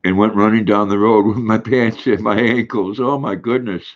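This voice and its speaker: A man's voice: fairly low pitch, steady tone, normal speed. An older man hosting a casual live stream from home, rambling and chuckling as he reads viewer comments aloud. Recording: dull lo-fi sound.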